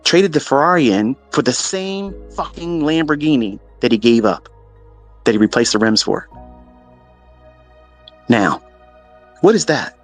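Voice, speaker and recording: A man telling a story in a profane, animated, mocking way, as a trading mentor talking to his audience. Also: mid-range voice, a little slow, long pauses, soft background music. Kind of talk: casual storytelling monologue.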